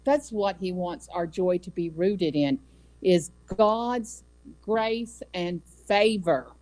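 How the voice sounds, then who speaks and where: A woman giving an earnest devotional talk on scripture, with measured delivery and emphatic repetition. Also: fairly low pitch, darkish tone, low-quality recording. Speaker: Bible study speaker. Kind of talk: devotional teaching.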